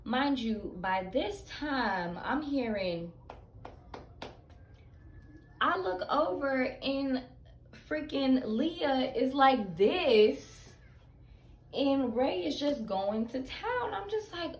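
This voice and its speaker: A woman's voice: high voice, animated, very slow, pauses often. A young woman telling a personal story to camera in casual, candid chat, full of "like" and "um". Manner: candid, loose, many fillers and "like". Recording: echoey room, faint background hiss.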